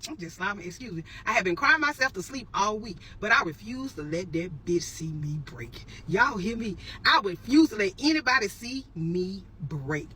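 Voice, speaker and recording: Animated woman telling a story straight to camera. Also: mid-range voice, moderate pace, hardly any pauses, husky, rough recording. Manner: animated, addresses viewers as y'all, emphatic repetitions. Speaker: storytelling vlogger. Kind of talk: casual storytelling to viewers.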